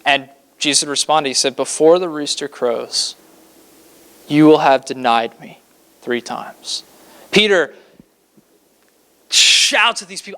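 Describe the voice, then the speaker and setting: Male pastor from Kentucky, chatty sermon delivery, smooth resonant tone, slightly high voice. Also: unhurried, pushed and bright. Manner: conversational, with frequent fillers; acts out scripture quotes dramatically.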